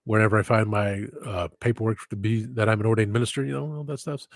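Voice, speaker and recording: Speaking fast with fairly even intonation and a fairly low pitch, this livestream host rambles casually into a headset. The recording is dry. He drifts from topic to topic, interrupts himself, and adds wistful little asides.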